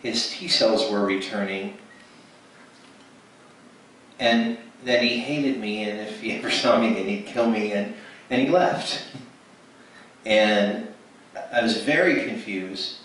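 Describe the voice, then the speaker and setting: A man's voice: on the low side, slow pace, long pauses, fairly bright tone. Man telling a testimony in an echoey hall. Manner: storytelling, acts out quoted dialogue with frequent restarts. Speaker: speaker at ministry event. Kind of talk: testimony sermon. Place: church hall. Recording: echoey hall from far off, faint noise.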